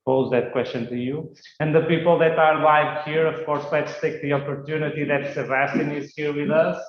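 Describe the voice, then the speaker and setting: A man moderating a webinar, halting and repeating words as he opens the Q and A. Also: fairly high pitch, fairly even intonation. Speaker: session moderator. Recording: roomy hall, dull sound.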